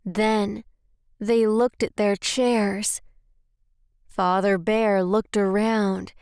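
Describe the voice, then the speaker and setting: A woman whose native language is Spanish, reading a children's story aloud in a slow, careful way. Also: medium pitch, steady tone, darkish tone, clear, resonant tone, no echo, studio quality.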